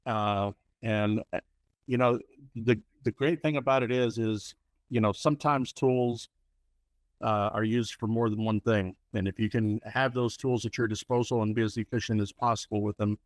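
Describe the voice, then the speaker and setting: Low-voiced rambling male host. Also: steady tone, normal speed, no room sound. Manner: rambling, many fillers and restarts, anecdotal. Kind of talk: interview talk.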